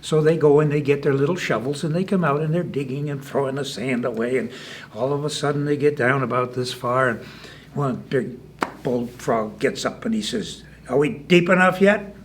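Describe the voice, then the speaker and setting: A man's voice: mid-range voice, steady tone, moderate pace, slight background noise. A man telling a folk tale in a folksy, conversational storytelling manner. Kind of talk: folk tale told to an audience.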